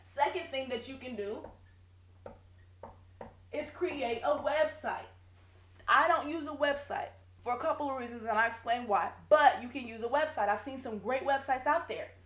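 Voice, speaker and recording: A woman's voice: high voice, normal speed, fairly bright tone. A woman business coach giving direct, emphatic advice in a casual video lesson. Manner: direct, emphatic, self-correcting. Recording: echoey room.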